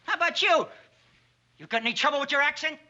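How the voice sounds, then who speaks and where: An actor playing a wounded, bossy gangster in a 1960s sitcom, with a curt, sneering delivery. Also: male voice, very high voice, quick pace, bright, forceful tone, full character voice. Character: wounded tough male gangster, bossy and sarcastic. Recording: dull 1960s TV audio, hiss, laugh track.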